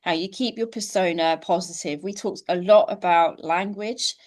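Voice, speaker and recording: A woman hosting an interview over a video call, relaxed and thinking aloud. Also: on the low side, moderate pace. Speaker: host. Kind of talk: casual interview chat.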